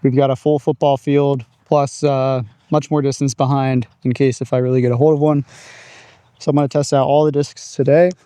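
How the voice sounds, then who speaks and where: Man, casual outdoor vlogger, chatty and upbeat, warm dry voice. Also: medium pitch, flat delivery, moderate pace, dry recording. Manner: upbeat, chatty, narrating his own throws. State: out of breath at times. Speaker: disc golf vlogger. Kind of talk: casual outdoor vlog commentary. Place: open field outdoors.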